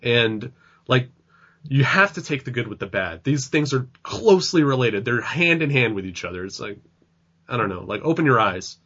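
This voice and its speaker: A man's voice: medium pitch, expressive, normal speed, a bit bright, slightly rough. A man co-hosting a podcast, talking casually and loosely, full of fillers. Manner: loose, filler-heavy talk with frequent "like". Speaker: podcast co-host. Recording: dull lo-fi sound.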